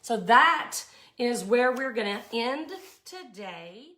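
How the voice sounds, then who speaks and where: A woman's voice: on the high side, expressive, takes it slowly, fairly bright tone. A middle-aged woman hosting a live craft tutorial, chatty and folksy, greeting viewers by name as she works. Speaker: art tutorial host.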